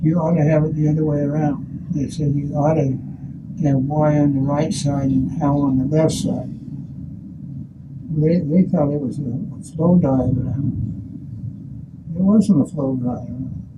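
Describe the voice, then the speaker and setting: An older man in an interview, telling stories from his career slowly, with many restarts and pauses. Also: fairly high pitch, steady tone, far from the mic, muffled recording, heavy background noise. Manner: slow, halting storyteller with many restarts. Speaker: value engineering pioneer. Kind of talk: recollecting in an interview.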